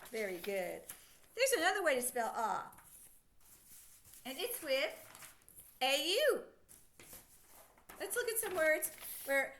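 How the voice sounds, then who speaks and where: A woman teaching a children's phonics lesson, sounding out letters slowly and praising the listener. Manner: slow, sing-song teacher voice with stretched sounds and lively pitch.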